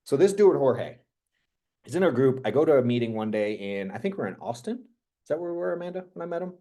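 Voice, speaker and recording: Energetic, profane male business coach. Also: medium pitch, fast. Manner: energetic, profane, rambling storyteller. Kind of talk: casual motivational talk to a group.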